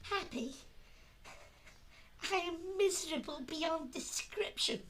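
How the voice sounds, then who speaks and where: A prim, innocent young milkmaid in a comic operetta, speaking in a very high, melodramatic falsetto. She talks slowly and with great propriety, clinging to her duty. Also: fairly bright tone, slight background noise, heavily acted. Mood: dutiful. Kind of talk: comic operetta dialogue, one-man performance. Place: his room at home.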